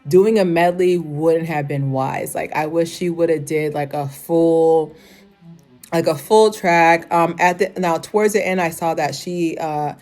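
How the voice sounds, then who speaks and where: A woman's voice: sits low, a little slow, a little mellow, soft background music. A woman in her thirties giving a casual, rambling review, full of "like" and frequent laughter. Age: 30s. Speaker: fashion show reviewer.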